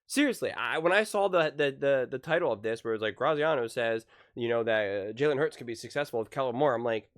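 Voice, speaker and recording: A man's voice: medium pitch, animated, fast talker, hardly any pauses. Exasperated man ranting about football. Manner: exasperated, emphatic, ranting with repeated restarts. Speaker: sports commentary youtuber. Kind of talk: reaction commentary.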